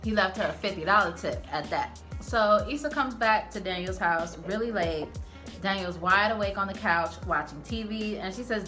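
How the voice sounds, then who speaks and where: With faint music in the background, a woman speaks at medium pitch and a moderate pace. She's a channel host reviewing a TV episode, and her recap is lively, casual, full of slang and profanity.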